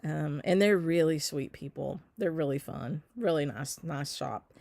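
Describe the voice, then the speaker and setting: A woman's voice: sits low, unhurried, vocal fry, darkish tone, dry recording. A Southern American woman hosting a casual live stream, chatting and answering viewer comments with lots of ums. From Southern United States. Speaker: shop owner hosting a live stitch.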